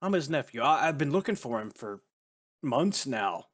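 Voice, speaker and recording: A man's voice: mid-range voice, big pitch swings, normal speed. A man voicing a young male sailor who urgently searches for his missing uncle.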